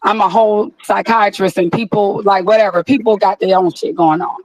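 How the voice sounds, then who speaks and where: A woman's voice: mid-range voice, fairly even intonation, darkish tone, no echo, rough recording. Effusive, profane woman. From Atlanta, USA. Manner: effusive, profane, drawn-out words. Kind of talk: casual chat on an audio chat room.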